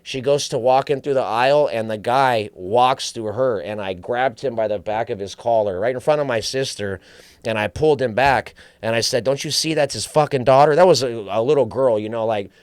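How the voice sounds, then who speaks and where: A man's voice: medium pitch, a little fast, clean tone, dry recording. A man guest on a podcast, telling stories in casual chat with profanity, acting out quoted voices. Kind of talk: casual storytelling.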